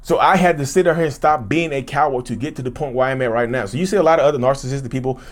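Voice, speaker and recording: A man's voice: mid-range voice, rapid-fire. A man giving an unscripted personal monologue, earnest and emphatic, often repeating and restarting phrases. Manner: speaks frankly and bluntly. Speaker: YouTuber discussing his own narcissism.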